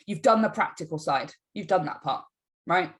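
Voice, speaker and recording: A woman's voice: fairly low pitch, expressive, moderate pace, fairly bright tone. A woman giving a casual tarot reading to camera, emphatic and encouraging, often checking in with "right?". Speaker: tarot reader.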